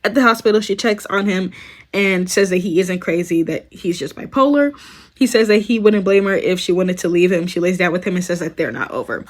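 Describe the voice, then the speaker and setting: Talking briskly in a fairly low voice, this commentary host casually runs through a TV series. She's a young woman who chats loosely, leans on fillers like "like" and "um," and laughs in bursts as she mimics what the characters said.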